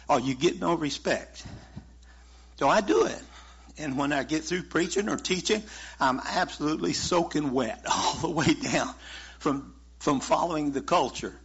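Folksy male preacher, husky voice. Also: a little high, lively intonation, measured pace, fairly bright tone. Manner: folksy, conversational preaching with chuckles. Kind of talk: sermon. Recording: muffled lo-fi sermon recording.

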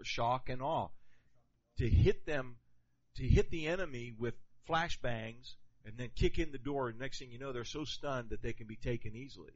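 A man preaching a sermon in an animated, conversational way, asking the congregation questions. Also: medium pitch. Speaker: pastor. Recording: dull lo-fi sound.

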